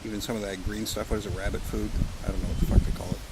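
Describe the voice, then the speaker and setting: His voice sits low and barely moves in pitch as he talks very fast. The man, a Canadian pipe-smoking vlogger, chats casually at a campsite, joking, rambling and swearing a bit, in an outdoor recording with clear wind and background noise.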